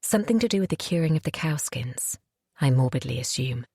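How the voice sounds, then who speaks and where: A woman's voice: deep voice, expressive, brisk, dark tone, slightly rough, no room sound, clean studio sound. A woman reading a thriller audiobook in first person, with intense, guilt-laden storytelling. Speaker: audiobook narrator. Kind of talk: scripted first-person narration.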